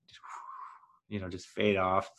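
A man's voice: fairly low pitch, lively intonation, normal speed, fairly bright tone. A man casually talking through favorite scenes, rambling with lots of fillers and restarts. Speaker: host. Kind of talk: casual movie talk.

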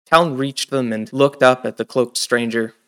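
A man narrates a fantasy audiobook in a steady, scripted storytelling manner. He does the plain narration between the characters. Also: mid-range voice, normal speed, clean tone.

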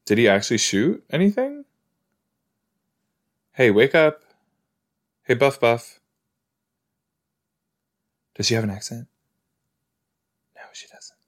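A man's voice: medium pitch, sing-song, takes it slowly, long pauses. A man hosting a podcast, chatting playfully as he reacts to a show he is watching. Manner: chatty, playful, talks to the screen. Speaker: podcast host. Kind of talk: casual watch-along reaction.

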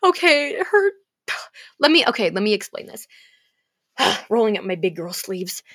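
A woman's voice: medium pitch, normal speed, husky, no room sound. Dramatic young woman ranting, dry close sound. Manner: dramatic, swings between gasps, whispers and shouting; swears freely, talks to viewers directly. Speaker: fanfiction vlogger. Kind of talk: emotional casual rant about a book.

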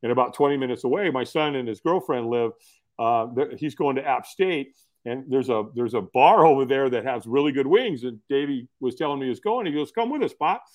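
A middle-aged guest on a podcast tells his story casually and earnestly in a folksy manner, often repeating words to start sentences. His mid-range voice is brisk, with lively intonation.

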